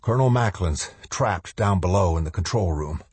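A man gives voice to a battered, hunched soldier, gruff and commanding, who swears freely and keeps pressing the listener to act. His voice sits low and dark. The room around him is dry and close. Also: animated, moderate pace, no echo. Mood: urgent. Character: wounded hunched middle-aged military man, blunt, urgent.

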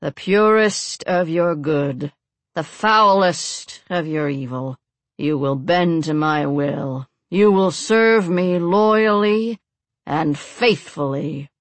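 A woman's voice: sits low, slow, dry recording. A woman voicing a hardened old male cult priest who speaks solemnly and gloats with cruel command. The recording is dry and close.

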